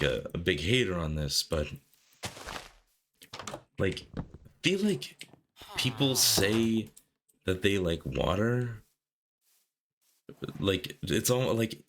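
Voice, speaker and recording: A young man, hoarse from being sick, rambling casually over gameplay with lots of fillers. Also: low voice, fairly bright tone, a little hiss or hum. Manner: rambling, filler-heavy, jokey musings. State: hoarse from sickness. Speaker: gameplay commentator. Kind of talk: casual gaming commentary.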